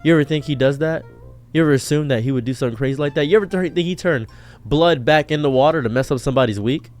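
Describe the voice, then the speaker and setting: A young man giving a reaction commentary in an exasperated rant, swinging between loud outbursts and muttered asides. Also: a little high, very fast. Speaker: commentary streamer.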